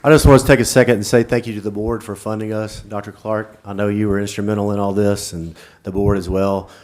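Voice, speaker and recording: A man who coaches football, giving a halting, emotional speech at a school board meeting with nervous laughs. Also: lowish voice, little pitch movement, darkish tone, a little hiss or hum.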